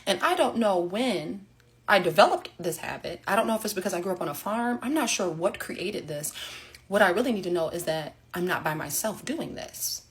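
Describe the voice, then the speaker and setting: A woman telling a sarcastic, animated story straight to the camera in a casual monologue. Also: fairly low pitch, normal speed.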